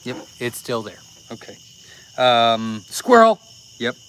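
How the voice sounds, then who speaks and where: A man's voice: medium pitch, moderate pace, a bit bright, a little hiss or hum, rough recording. A man in the middle of his register chats loosely through a live stream from his farm. He rambles, loses his thread and fills the gaps with ums and uhs. Faint crickets and insects chirp behind him outdoors at night. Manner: rambling, easily sidetracked, many fillers. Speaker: farm livestream host. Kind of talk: casual live-stream chat.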